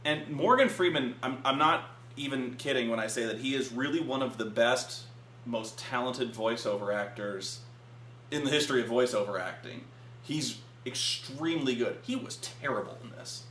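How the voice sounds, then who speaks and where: A man co-hosting a casual film review, rambling and swearing, acting out movie scenes with loud yells. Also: mid-range voice, moderate pace, echoey room, slight background noise.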